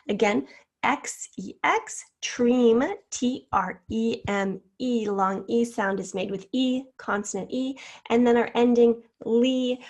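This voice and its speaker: A woman teacher giving a spelling lesson to children, sounding out words and spelling them letter by letter. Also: mid-range voice.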